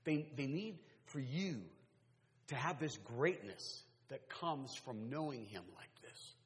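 A man's voice: mid-range voice, expressive, slow, a little hiss or hum. Fervent male preacher in a reverberant hall. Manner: swings from soft, intimate talk to loud, fervent exhortation. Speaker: pastor. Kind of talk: sermon.

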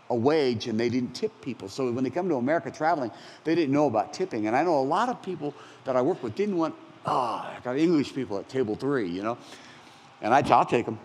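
A pastor in his sixties preaching a conversational, animated sermon with self-deprecating asides. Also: mid-range voice, slight background noise. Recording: long hall reverb, faint ambience.

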